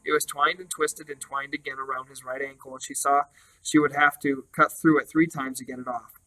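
A man reading a children's novel aloud in a steady, even way, with small slips now and then. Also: medium pitch, fairly quick, rough recording. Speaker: storybook reader.

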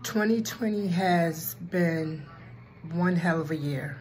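A woman vlogger in casual chat, talking slowly and from the heart, with a Black way of speaking and frequent ums. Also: on the low side, a little mellow, poor audio. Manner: slow and heartfelt, with filler ums.

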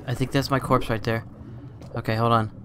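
A man's voice: medium pitch, flat delivery, a little fast, background noise. A man hosting a gaming channel, chatting casually over his gameplay, exasperated and laughing at his own bad luck.

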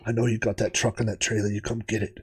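A man doing a pushy British arcade dealer who talks low and hushed, urgent and conspiratorial, like a fast-talking salesman with a secret, pitched a touch below an average male voice. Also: flat delivery, husky.

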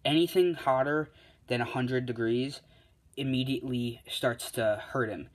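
A man's voice: mid-range voice, unhurried. Rambling young man telling a fan story. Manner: rambling, frequent "uh" and self-corrections, laughs at own story. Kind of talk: improvised fan-fiction storytelling.

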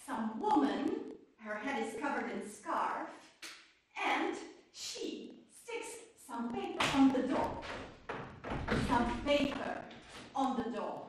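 A woman playing a lively young trader girl. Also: fairly high pitch, a little hiss or hum. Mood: animated. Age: young adult. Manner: animated storyteller, slow and expressive. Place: theater stage. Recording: echoey stage from far off.

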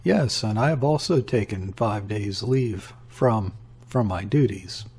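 A capricious woman lover, read by a man in a storybook, her words fluttering and a touch unsteady. The voice is husky and unhurried. There is a petulant insistence under it. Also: on the low side, darkish tone. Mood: wistful. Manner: fluttering, slightly unsteady intonation.

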